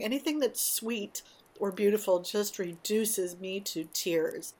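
Woman rambling through her morning on her own show, animated and emotional. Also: medium pitch, slow pace. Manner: warm, emotional, animated storytelling. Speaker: podcast host. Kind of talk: casual morning monologue.

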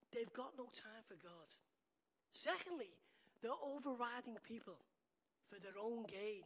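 A woman delivers a sermon in a chatty, conversational way, turning often to the congregation with rhetorical questions. Her voice sits slightly high for a woman. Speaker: preacher.

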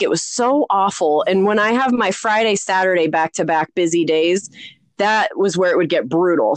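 A woman with a medium-pitched voice, recorded with no room sound, co-hosts a podcast. In casual chat she tells a rambling story, laughing often and making fun of herself.

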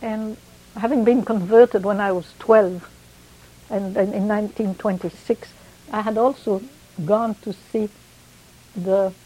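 A woman's voice: medium pitch, mellow, poor audio. An older woman chatting casually about her memories, wandering a little and laughing along. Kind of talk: casual reminiscing.

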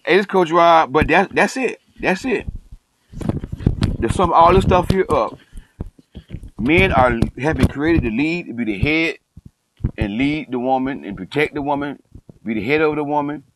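A man's voice: a little high, a little slow, long pauses, noisy background. A middle-aged man, a coach, giving a passionate, preachy monologue and hammering points home by repeating them. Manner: emphatic, repeats phrases, calls himself passionate. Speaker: coach and online commentator.

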